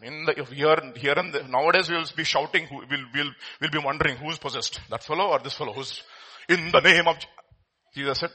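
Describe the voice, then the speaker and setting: A man from India preaching a sermon, his delivery swinging between loud, emphatic bursts and quiet, hushed asides. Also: on the high side, quick pace, slightly rough.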